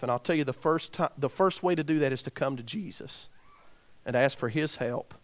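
A man preaching a sermon, dropping to quiet, grave emphasis and rising to loud shouts as he tells a story. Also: a little high.

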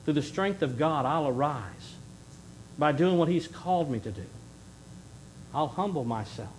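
A middle-aged man preaching a sermon in earnest, rising to loud emphasis and then dropping to a hushed plea. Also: on the high side, animated, a little slow, slight background noise, low-quality recording. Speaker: pastor.

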